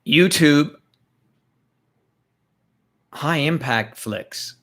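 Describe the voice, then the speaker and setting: A man's voice: a little high, drawn-out words, fairly bright tone. A man hosting a casual livestream chat, playful and teasing, greeting viewers by name. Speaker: livestream host.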